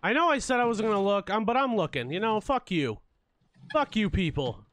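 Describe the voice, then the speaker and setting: Guy yelling and cursing thru a scary game, high bright voice, swings all over the place. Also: sing-song, brisk. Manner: jumpy, swears a lot, jokes through his fear. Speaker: let's play gamer. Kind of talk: horror game commentary.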